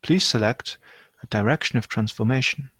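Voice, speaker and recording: A man's voice: medium pitch, normal speed, fairly bright tone, slightly rough, no room sound. A man voicing a small wire creature that answers in polite, prompt-like announcements, like a helpful assistant.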